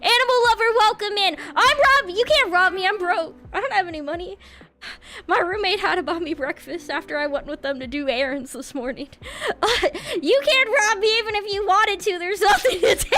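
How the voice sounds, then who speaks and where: A woman's voice: very high-pitched, expressive, brisk, sharp tone. A woman streamer chatting casually with her viewers, bubbly and giggly, slipping in playful meows. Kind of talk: casual livestream chat greeting viewers.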